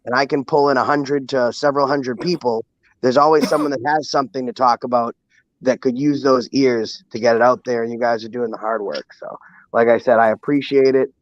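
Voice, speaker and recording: A man's voice: medium pitch, steady tone, a little fast, dry recording, muffled recording. A man, a guest on an online chat show, joking and repeating a catchphrase, sounding exhausted.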